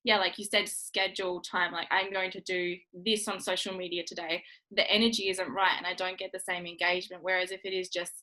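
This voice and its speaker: A woman's voice: lowish voice, little pitch movement, brisk, pushed and bright, rough recording. Encouraging woman interviewer. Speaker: interviewer, team leader. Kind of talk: casual interview chat.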